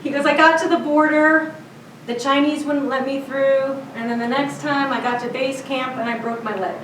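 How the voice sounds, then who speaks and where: A woman from Chicago's South Side tells a personal story on stage at a storytelling event, chatty, lively and often laughing at her own tale. Her voice is high-pitched and her pace normal, with slight background noise. The mic sits at a distance in a roomy live venue.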